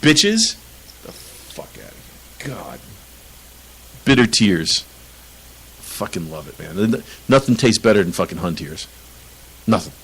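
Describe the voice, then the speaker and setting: A man's voice: low voice, sing-song, unhurried, gravelly, long pauses, fairly bright tone, slightly rough, poor audio. A man co-hosting a casual soccer podcast, ranting with lots of swearing and frequent laughter. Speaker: podcast co-host.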